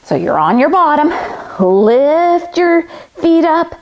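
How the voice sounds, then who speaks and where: A woman teaching yoga to children through a storybook reading, gentle and instructive, making animal sounds along the way. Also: high voice, very animated, slow pace. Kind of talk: storytelling yoga lesson for kids.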